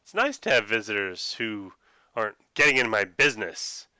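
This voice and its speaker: A man voicing a suspicious, tipsy old rural farm woman who rambles in a folksy, gruff way about meddlers. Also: lowish voice, sing-song, normal speed, pushed and bright, no echo, exaggerated voice. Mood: dismissive. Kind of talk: tabletop role-play voice.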